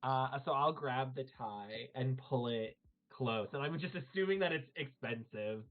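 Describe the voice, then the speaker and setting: A man's voice: mid-range voice, a little slow. A man playing a tabletop role-playing game, flirty and playful in character. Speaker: player. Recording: tinny phone-like stream audio.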